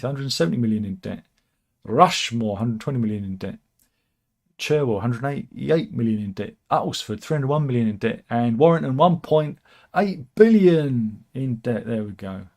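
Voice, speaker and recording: A man's voice: medium pitch, moderate pace. A man hosting casual satirical commentary on news stories, wry and rambling, with asides and restarts. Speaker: host of a satirical news channel.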